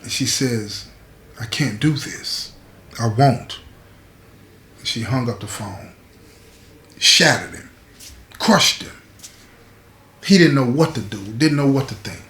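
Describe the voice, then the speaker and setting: A man's voice: medium pitch, animated, a little slow, long pauses, bright, forceful tone, roomy sound, a little hiss or hum. A man hosting his show, telling a prison story in a streetwise, conversational way and often checking in with the listener. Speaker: host. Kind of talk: storytelling to camera.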